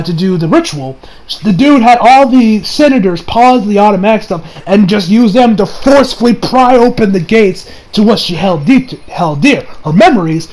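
A man giving a casual anime review, excited and rambling, who swears now and then. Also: high-pitched, low-quality recording.

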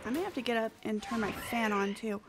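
High-voiced chatty woman streamer. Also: a little fast, noisy background. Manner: chatty and playful, talking to viewers. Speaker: live-streaming gamer. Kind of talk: casual live-stream chatter. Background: background music.

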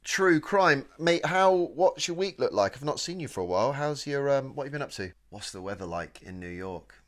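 A British man co-hosts a comedy podcast in a lively, jokey voice of middling pitch. He laughs often and swears freely. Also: fairly quick. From United Kingdom. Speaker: podcast co-host. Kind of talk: casual comedy podcast chat.

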